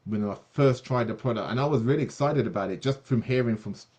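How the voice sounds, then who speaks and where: A man's voice: medium pitch, fast, darkish tone. A man hosting an online product presentation, talking enthusiastically with many fillers and restarts.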